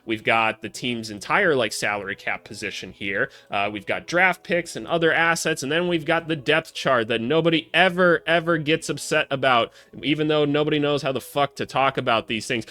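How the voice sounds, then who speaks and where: A man's voice: a little fast, few pauses, sharp tone, dry recording. A young man hosting a basketball analysis channel, talking casually and bluntly with swearing and lecturing his viewers. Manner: blunt and profane, lectures viewers, mocks commenters in shrill voices. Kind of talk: casual commentary to camera.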